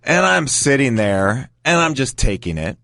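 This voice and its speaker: A man's voice: medium pitch, big pitch swings, normal speed, vocal fry, bright, forceful tone. A man casually telling a story, acting out other people's lines. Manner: anecdotal, acts out quotes. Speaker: guest.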